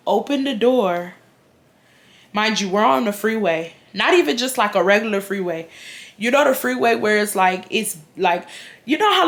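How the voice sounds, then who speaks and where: A young woman telling a storytime, chatty and slangy, with animated voiced quotes of the people in her story. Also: mid-range voice. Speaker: vlogger. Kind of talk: casual storytime.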